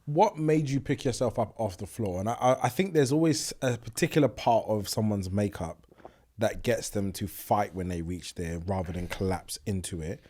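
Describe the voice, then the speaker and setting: A man's voice: lowish voice, moderate pace, mellow. A man hosting an interview, encouraging and affirming. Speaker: podcast host. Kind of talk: conversational interview.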